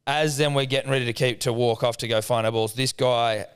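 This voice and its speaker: A man's voice: medium pitch, a little fast, smooth. Man telling a sweary story. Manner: lively anecdote-telling, heavy swearing. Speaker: podcast co-host. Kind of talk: casual storytelling chat. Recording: long room reverb.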